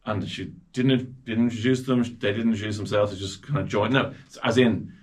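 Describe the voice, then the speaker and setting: A man's voice: lowish voice, normal speed. An Irish man in his forties telling stories as a guest in a casual chat, bringing quoted people to life. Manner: lively anecdotes with quoted voices.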